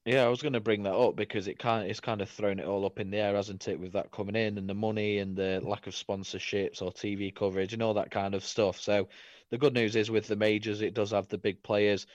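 Brief: bloke on a sports podcast, low voice, dry and dull lo-fi sound, swears casually. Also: male voice, brisk, no room sound. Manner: swears freely, laughs and gets excited.

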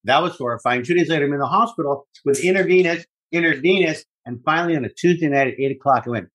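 A man co-hosting a casual podcast chat, telling stories in an animated, profane way. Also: on the high side, fast talker, rough recording. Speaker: podcast co-host.

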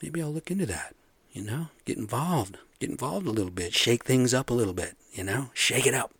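A man ranting in a profane, sarcastic monologue, swinging between loud outbursts and low muttering. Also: lively intonation, brisk, husky, dry recording.

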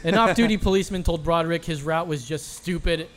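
Guy running a trivia round with his buddies, high voice, hammy game-show reads. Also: fast talker, a loud crowd. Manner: playful, teasing, game-show announcing. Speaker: quiz host. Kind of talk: casual podcast quiz banter.

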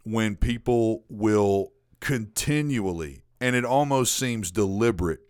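A man's voice: lowish voice, takes it slowly, a little mellow, clean tone, no room sound, clean studio sound. A young man in casual podcast chat, joking crudely and stumbling a little when he starts a story. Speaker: podcast co-host.

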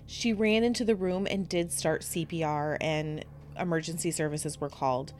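A woman's voice: low voice, steady tone, moderate pace, darkish tone, faint music behind. A woman co-hosting a podcast, somberly narrating a true crime case and chatting with her co-host.

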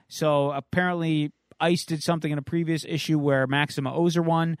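Speaking at normal speed with fairly even intonation, a fairly high-voiced male co-host rambles through a casual comic recap with plenty of uhs and ums, yet hardly any pauses. The podcast audio is dry and close.

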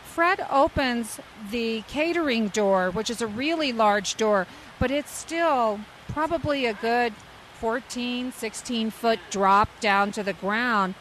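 A woman in her fifties with a high voice recounts her years as a flight attendant. She tells the story with lively, theatrical flair. A faint hiss sits under the recording. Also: slow, rough recording. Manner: lively, dramatic storyteller who acts out quotes. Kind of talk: telling an anecdote in an interview.

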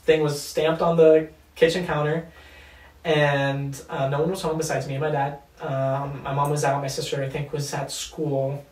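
A man's voice: a little high, flat delivery, normal speed, darkish tone. A man in his twenties, a podcast guest, telling a personal story in a loose, profane way, full of fillers. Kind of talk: casual storytelling chat. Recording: roomy and distant from mic.

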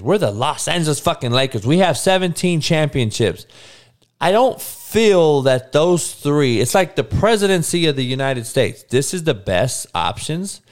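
A man's voice: medium pitch, sing-song, measured pace. A man hosting a sports podcast, ranting bluntly and profanely while talking back to his live chat. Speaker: podcast host. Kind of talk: casual sports rant.

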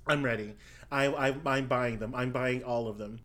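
A player in a tabletop game, talking in an animated, bossy way and in character. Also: mid-range voice, moderate pace.

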